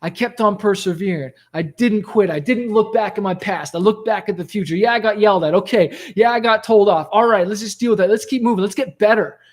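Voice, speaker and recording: A man with a notably high-pitched voice gives a motivational talk straight to the camera, animated and conversational. He keeps dropping "like" and "okay?" as he tells stories from his past. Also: brisk, few pauses. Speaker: rap rock musician giving motivational talk.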